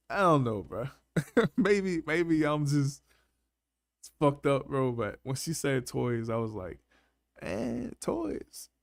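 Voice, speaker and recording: A man's voice: on the high side, no room sound, clean studio sound. A man hosting a casual live panel chat, laughing often and talking in loose, slangy banter. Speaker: panel host.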